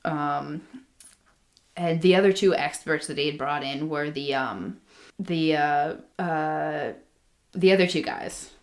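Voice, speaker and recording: A woman's voice: deep voice, takes it slowly. A woman co-hosting a casual podcast, telling a history story with many ums and restarts. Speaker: podcast co-host.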